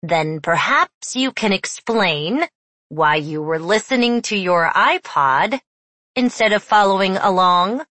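A woman voicing a stern, nasal male schoolteacher who scolds slowly and sarcastically in an audiobook. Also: mid-range voice, lively intonation, sharp tone, dry recording, full character voice. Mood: scolding.

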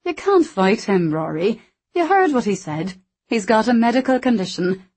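A woman reading a brisk, bossy landlady in an audiobook, scolding the men. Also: on the high side, very animated, darkish tone, breathy edge, pitched above the performer's own voice.

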